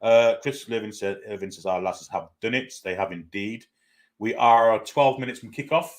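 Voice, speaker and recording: Lowish-voiced man hosting a chatty live stream. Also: moderate pace. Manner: chatty, reads out viewer comments and greets them one by one; casual, with frequent "uh" and self-corrections. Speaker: host of a football fan channel. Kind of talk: live watchalong chat.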